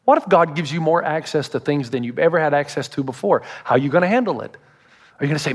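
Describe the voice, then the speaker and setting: A man's voice: a little high, quick pace. A man preaching a sermon as a pastor, telling stories and acting out the voices of the people he quotes. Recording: reverberant hall.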